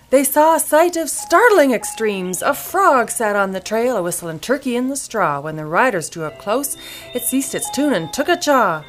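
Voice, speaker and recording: A woman from Alberta, reciting rhyming cowboy poetry in a folksy drawl. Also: mid-range voice. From Alberta, Canada. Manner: folksy drawl, dropping g's, voicing characters. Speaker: cowboy poet.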